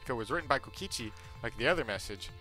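A man commentating on a video game playthrough in a playful, jokey way with bursts of loud excitement. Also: mid-range voice, racing, soft background music. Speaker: gaming streamer. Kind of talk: let's play commentary.

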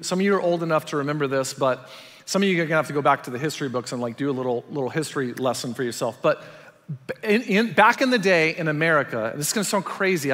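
Man preaching animatedly in a reverberant hall. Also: a little high. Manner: animated storytelling, acts out quotes with big swings from loud to hushed. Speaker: pastor. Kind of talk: sermon. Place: large church auditorium.

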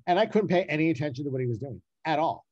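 Fast-talking casting director, mellow and dry. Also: male voice, fairly high pitch, dry recording, highs cut off. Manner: animated, emphatic, repeats words when making a point. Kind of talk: casual interview talk.

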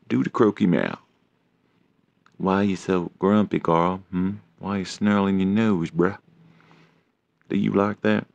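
A deep-voiced man with a rough, gravelly texture keeps pestering his cat in a slow, drawn-out way. The sound is dull and lo-fi but close and dry. His tone stays teasing and nagging throughout. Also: no echo. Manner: teasing, nagging, repeats himself. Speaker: pet owner filming his cat. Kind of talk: casual teasing vlog.

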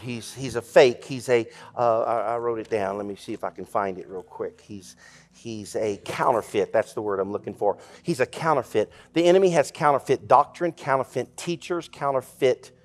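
A man preaching a sermon as pastor, telling a folksy joke story and speaking in a lively, conversational way. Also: mid-range voice. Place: church sanctuary.

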